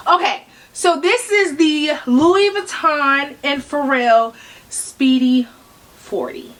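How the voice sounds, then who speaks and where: A woman vlogging an unboxing, chatty and full of slang, excitedly talking to herself and her viewers, breaking into laughs and whispers. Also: sits high, extremely slow, long pauses. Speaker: fashion vlogger.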